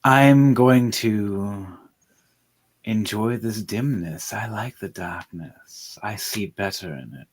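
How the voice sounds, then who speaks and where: A man voicing a sly undead queen who speaks in a slow, smug manner. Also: fairly low pitch. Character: sly undead woman, a crimson queen on a throne.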